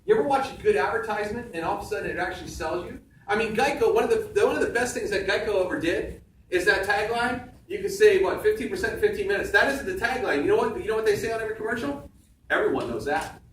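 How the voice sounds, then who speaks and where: A man's voice: high-pitched, lively intonation, quick pace. A man giving a punchy, emphatic motivational sales talk on stage to an audience, repeating key phrases. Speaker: seminar speaker. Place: large room with audience. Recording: echoey room, far from mic, faint background noise.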